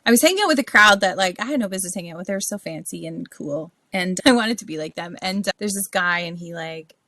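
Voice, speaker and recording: Lively laughing woman podcast guest. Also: on the low side, no echo. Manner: lively storyteller, quick laughs. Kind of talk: casual podcast conversation.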